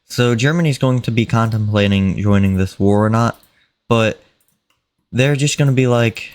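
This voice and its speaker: A man casually narrating an imagined war over a map, unhurried and plain, with fillers and mock quotes. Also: on the low side, darkish tone, clear, resonant tone.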